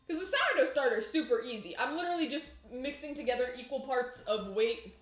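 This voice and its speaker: Giggly high-voiced woman streaming from her kitchen. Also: expressive, fairly quick, a bit bright, faint music behind. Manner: giggly, rambling, laughs often. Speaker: baking streamer. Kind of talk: casual live-stream chat while cooking. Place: home kitchen. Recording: echoey room.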